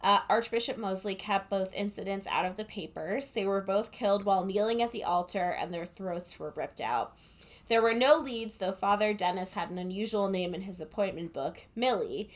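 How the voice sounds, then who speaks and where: A woman co-hosts a podcast and retells a film's plot in relaxed, conversational talk. She drops sarcastic asides and laughs easily. Her voice sits at an ordinary middle pitch and comes through a headphone mic. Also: normal speed. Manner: chatty, sarcastic, laughs often. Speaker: podcast co-host. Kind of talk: casual chat recapping a film. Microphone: headphones with a corded mic.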